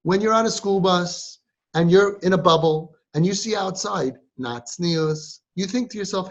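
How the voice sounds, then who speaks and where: A man with a high-sitting voice, speaking a little slowly, delivers a motivational talk to a live group of girls. He teases and quizzes them with rhetorical questions, repeating key lines emphatically. The audio is a dull lo-fi recording.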